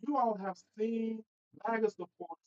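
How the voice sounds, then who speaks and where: A man hosting a casual political livestream, talking straight to his viewers in an animated way and laughing between points. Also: high voice, moderate pace, dull audio. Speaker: host.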